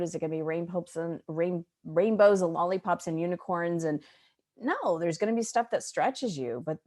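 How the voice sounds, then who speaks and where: A woman hosting a podcast in casual, bubbly conversation, gushing and animated. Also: low voice. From Arizona, United States. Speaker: podcast host.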